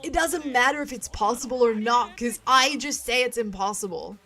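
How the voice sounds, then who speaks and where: A woman voicing a smug, sly teenage boy liar from a video game, reading his lines in a drawn-out, mock-apologetic way. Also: on the high side, pushed and bright, faint music behind.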